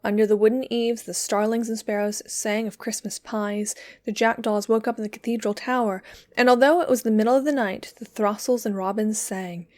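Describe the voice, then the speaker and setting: Reader: woman, slightly high voice, gentle lilting storybook read-aloud. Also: steady tone, moderate pace. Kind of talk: reading a children's story aloud.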